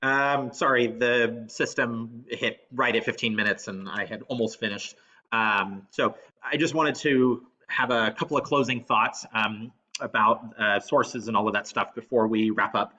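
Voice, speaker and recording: A man's voice: medium pitch, steady tone, a little slow, sharp tone, dull audio. A man teaching in a casual screen-recorded lesson, talking loosely with many ums and restarts.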